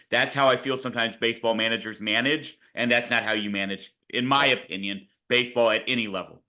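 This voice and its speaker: A man's voice: mid-range voice, fairly even intonation, fairly quick, bright, forceful tone. A man co-hosting a casual sports podcast, reflective and full of hedges, playfully pushing back on his partner. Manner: hedging, reflective, playfully argumentative. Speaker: podcast co-host.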